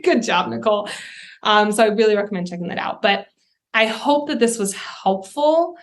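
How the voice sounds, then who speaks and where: Young woman, solo podcast host, candid and chatty, mid-pitch voice. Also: a little fast. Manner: chatty and candid, acts out her own thoughts in quoted asides. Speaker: podcast host, life coach. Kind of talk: casual solo podcast talk.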